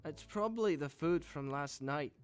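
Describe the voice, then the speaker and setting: A man's voice: on the high side, expressive, normal speed, smooth, close to an everyday voice. An actor voicing a sickly, sulking young male sailor who whines and refuses orders in a game. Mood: whiny. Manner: whiny, defiant.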